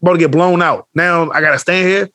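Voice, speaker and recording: Man, podcast co-host, rapid talker, slightly high voice, animated storytelling, slang, dry close sound. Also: no echo. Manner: animated storytelling, acts out quotes, heavy slang and swearing. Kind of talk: casual chat.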